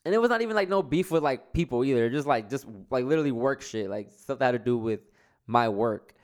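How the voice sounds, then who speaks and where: A man rambles through a solo podcast monologue, swearing freely and leaning on slang. His voice is smooth and resonant at a middle pitch. He sounds stoned and loose. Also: lively intonation, quick pace. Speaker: podcast host.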